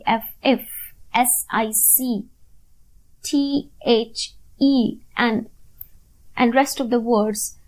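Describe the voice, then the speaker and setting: A woman teaching a recorded lecture over slides, talking in a slow, deliberate way and stressing syllables one by one. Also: high-pitched, poor audio. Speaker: literature teacher.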